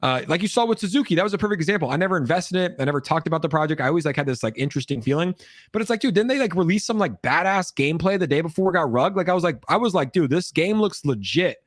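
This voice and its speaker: Casting note: male stream host, rapid casual delivery, very dry close mic, mid pitch. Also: no echo. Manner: fast, animated, frequent "like" fillers. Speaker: livestream host. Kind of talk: casual chat. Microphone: streaming mic with voice effects board.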